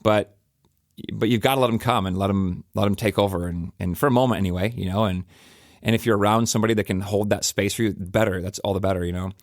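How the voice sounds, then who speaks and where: Middle-aged man, pastor, low voice, rambling personal reflection, dry close sound. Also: steady tone, quick pace, no echo. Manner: rambling, conversational, many fillers and restarts.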